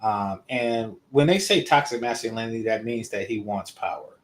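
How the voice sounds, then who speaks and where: A man hosting his own channel, giving casual, rambling commentary with many pauses and restarts. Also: fairly low pitch. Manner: hesitant, many ums and restarts. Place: indoors in California.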